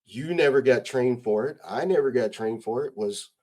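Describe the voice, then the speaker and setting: Blunt and heavily profane, a middle-aged U.S. retired army sergeant major appears as a guest in a casual interview, using rhetorical questions to push his points. His voice is mid-range and darkish, at a moderate pace.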